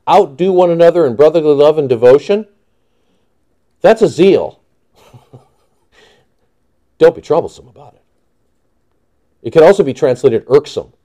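A male pastor preaching a sermon in an animated, joking way, acting out quoted voices. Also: on the high side, a little slow, pauses often, highs cut off.

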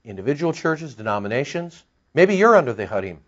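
A man's voice: medium pitch, very animated, a little fast. A man preaching an expository Bible-teaching sermon in a conversational, wry way, with sarcastic asides and emphatic bursts. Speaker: pastor. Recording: dull lo-fi sound.

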